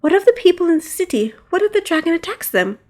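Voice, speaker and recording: A woman voicing a gentle, anxious young princess with soft, courteous speech. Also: on the high side, animated, fairly quick.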